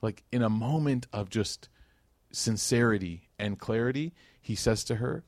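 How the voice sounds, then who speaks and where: A man's voice: lowish voice, unhurried, a little mellow, no echo, clean studio sound. A man giving a casual religious lecture, telling a story in a conversational way with many fillers and acted-out quotes. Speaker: speaker teaching Islamic history.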